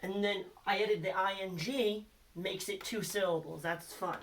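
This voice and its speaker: A man's voice: high-pitched, fairly even intonation, a little slow, a bit bright, a little hiss or hum. A man giving a recorded lesson to children, patient and encouraging, quizzing them with letter hints. His voice sounds a little far from the microphone. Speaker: teacher.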